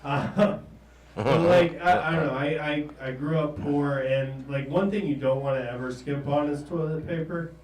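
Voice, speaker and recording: A man in his thirties from the American South doing a stand-up set, halting and trailing off, often chuckling at his own jokes. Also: fairly high pitch, fairly even intonation, a little mellow, slight background noise. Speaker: stand-up comedian. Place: comedy stage in a small room. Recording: roomy, distant live room recording.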